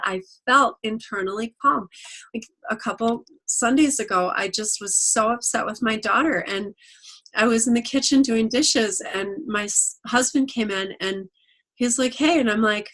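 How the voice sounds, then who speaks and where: Animated middle-aged woman on a video call. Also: on the high side. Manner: animated storyteller, acts out quotes. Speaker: product distributor. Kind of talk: casual testimonial on a video call.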